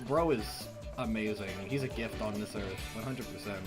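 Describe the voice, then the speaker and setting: A man guesting on a casual stream, an artist who talks animatedly and excitably, often saying "bro". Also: on the low side, moderate pace, loud music behind the voice.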